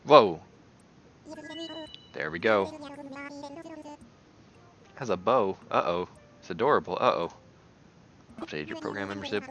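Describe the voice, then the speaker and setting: A man's voice: sits low, animated, moderate pace, pauses often, fairly bright tone. A man giving casual, chatty gameplay commentary, giggling and muttering little asides at the game, on a dull lo-fi recording. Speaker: gaming YouTuber.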